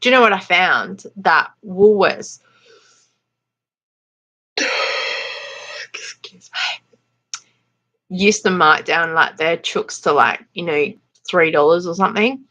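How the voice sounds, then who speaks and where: A woman's voice: fairly low pitch, slow pace, long pauses, pushed and bright. Aussie lady chatting on a live, laughs a lot, bit dull lo-fi sound. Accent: Australian. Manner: chatty, laughs often, reads out viewer comments. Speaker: livestream host. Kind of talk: casual live chat.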